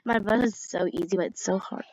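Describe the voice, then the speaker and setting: A woman's voice: mid-range voice, fairly quick, a little mellow, no room sound, dull audio. A young woman giving casual, rambling commentary while playing a game, giggling often and using lots of fillers. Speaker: gamer.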